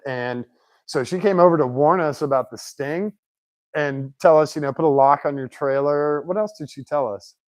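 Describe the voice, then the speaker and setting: A man chatting casually in his home garage shop, telling lively anecdotes and mimicking the people in them. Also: fairly high pitch, normal speed, no room sound. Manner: chatty, animated anecdotes with put-on quotes. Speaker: shop owner, car builder. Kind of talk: casual storytelling.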